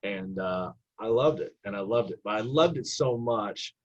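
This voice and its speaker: Through dull, lo-fi podcast sound comes a young man with a lowish voice at normal speed. An assistant basketball coach, he's a lively storyteller in a casual interview, acting out the people he quotes.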